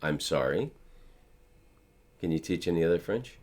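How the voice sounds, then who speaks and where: A man's voice: deep voice, lively intonation, normal speed, darkish tone. A middle-aged man hosting a podcast, chatting casually and telling funny stories with put-on voices for the people he quotes. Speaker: podcast host. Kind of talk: casual chat.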